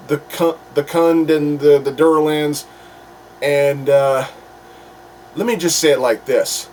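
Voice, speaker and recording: A man's voice: on the high side, recorded from a distance, low-quality recording. Man reviewing comics, rambling casual delivery, fillers and swearing, mic set back, faint background hiss. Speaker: comic book reviewer, channel host.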